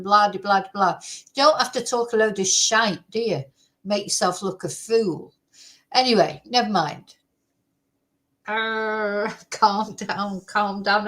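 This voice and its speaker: A true crime channel host with a fairly high voice rants indignantly in a casual chat, swearing freely. She speaks from her computer at home, and the audio is poor.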